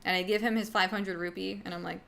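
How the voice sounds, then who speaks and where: A woman's voice: mid-range voice, steady tone, quick pace, vocal fry, a bit bright. A young woman streaming, chatting casually with viewers in a rambling way, with lots of fillers and casual swearing. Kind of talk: casual livestream chat answering viewers.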